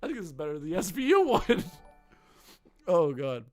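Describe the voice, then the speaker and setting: A man streaming, giving reaction commentary while laughing hysterically, his voice breaking up high. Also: wildly swooping pitch, moderate pace, over loud music.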